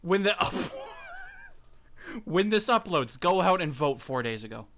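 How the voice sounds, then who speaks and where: Giggly young man with a lively voice. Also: high voice, slow. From Illinois, USA. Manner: giggly, joking, laughs a lot. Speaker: podcast co-host. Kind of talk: casual chat.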